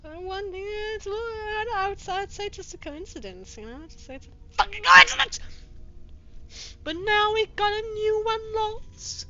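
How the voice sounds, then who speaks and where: As a comedy bit, a woman reads fanfiction aloud dramatically and mocks it with profane, exasperated, sharply sarcastic commentary. Her high-pitched voice swings widely and is animated, at normal speed with hardly any pauses. The recording sounds slightly dull and lo-fi.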